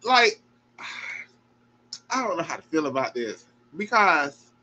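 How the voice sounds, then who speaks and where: A man's voice: a little high, very animated, slow, sharp tone, rough recording. A man hosting a gymnastics reaction show, talking emphatically and emotionally and swearing freely.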